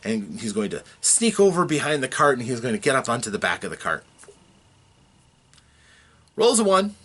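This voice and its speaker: A man serving as dungeon master, casually recapping a tabletop game session, telling it with animated chuckles and restarts. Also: medium pitch, moderate pace, husky.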